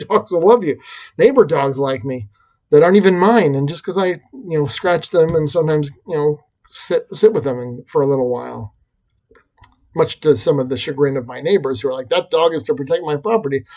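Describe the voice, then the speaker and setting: A man's voice: on the high side, normal speed, darkish tone. A man talking through a reflective personal vlog, rambling and self-deprecating, with frequent restarts. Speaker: vlogger and teacher.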